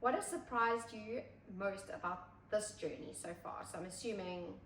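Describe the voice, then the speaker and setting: Upbeat woman co-host, brisk talker, recorded off-mic in a reverberant room. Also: medium pitch, fairly bright tone. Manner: brisk and upbeat, quick agreeing asides. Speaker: podcast co-host. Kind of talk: casual chat. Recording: roomy, distant mic, faint noise.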